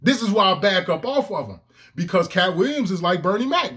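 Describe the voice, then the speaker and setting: A man's voice: high-pitched, big pitch swings, brisk, fairly bright tone, husky. A man ranting to his own camera in heated, profane commentary, with emphatic outbursts. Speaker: vlogger. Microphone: camera lens, self-recorded.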